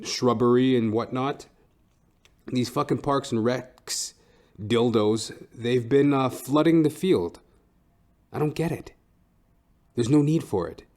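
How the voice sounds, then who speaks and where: This young podcast host, a stand-up comedian, rambles through a comedic rant packed with swearing, filler words, and restarts. His voice sits at a medium pitch with a darkish tone.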